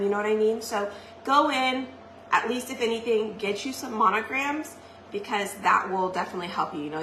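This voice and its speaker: A woman's voice: medium pitch, bright, forceful tone. A young woman hosting a crafting live stream, chatting casually and giggling with her viewers as she works. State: pregnant and out of breath at times. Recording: echoey room, faint noise.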